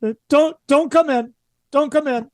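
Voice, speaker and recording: A man's voice: extremely high pitch, moderate pace, a little mellow, dry recording, clean studio sound, pitched above the performer's own voice. A man voicing a panicked, whimpering train passenger who stammers through the tears in a tabletop horror game. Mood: shaken, pleading.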